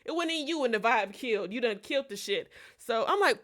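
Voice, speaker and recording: Animated, swearing woman telling a story. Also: a little high, quick pace, few pauses. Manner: animated, profane, digressive. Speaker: streamer. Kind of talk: casual storytime on a livestream.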